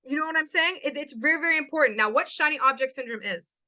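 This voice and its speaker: Bright, high-voiced woman, emphatic. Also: fast talker, dry recording, poor audio. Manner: emphatic, repeats lines for stress. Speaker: host. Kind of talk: motivational talk to a live chat.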